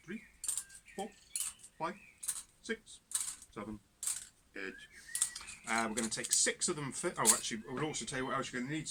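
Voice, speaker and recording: A man leading cub scouts through activities in a casual instructional video, chatty and self-deprecating. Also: medium pitch. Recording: background noise.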